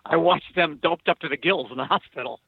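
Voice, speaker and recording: A man's voice: fairly high pitch, a little fast, gravelly, slightly rough. An older man, a political writer telling stories as a guest in a casual interview, wry and full of restarts. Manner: wry, storytelling, many restarts. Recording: dull lo-fi remote line.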